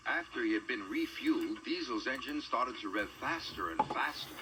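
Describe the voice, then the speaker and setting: A man narrating a children's train story with an expressive reading. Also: medium pitch, normal speed, few pauses, a little hiss or hum. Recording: music bed behind the voice.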